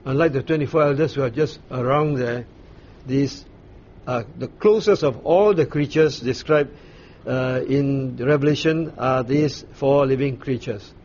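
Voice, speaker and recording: A man leading a Bible study, explaining scripture in an unhurried way, pausing and restarting as he searches for words. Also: medium pitch, a little mellow. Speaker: Bible teacher. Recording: dull lo-fi recording with faint noise.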